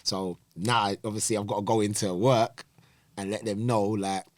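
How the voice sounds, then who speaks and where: A man's voice: fairly low pitch, normal speed, no echo. A man telling stories as a podcast guest, acting out the people in them and using slang. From England. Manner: animated, acts out quoted voices, London slang. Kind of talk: casual storytelling.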